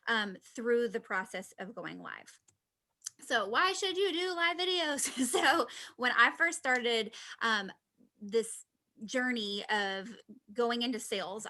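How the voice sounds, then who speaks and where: A woman in her thirties, a business coach giving a chatty, animated talk that is full of asides and laughter. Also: a little high. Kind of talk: presentation talk.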